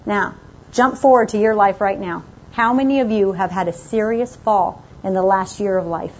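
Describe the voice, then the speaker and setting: A woman's voice: mid-range voice, moderate pace, highs cut off. A woman giving a motivational talk to a live audience, emphatic and exhorting, with short commands she often repeats. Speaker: motivational speaker.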